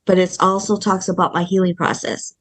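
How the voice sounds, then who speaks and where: A woman filmmaker answers questions in a casual interview. Her speech is thoughtful and halting. She often stops mid-word and starts over. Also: lowish voice, flat delivery, fairly bright tone. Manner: thoughtful, halting, with many restarts and ums. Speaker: filmmaker guest.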